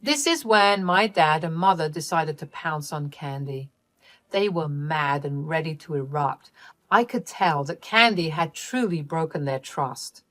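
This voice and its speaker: A woman's voice: deep voice, measured pace, a bit bright. Woman narrating a first-person story.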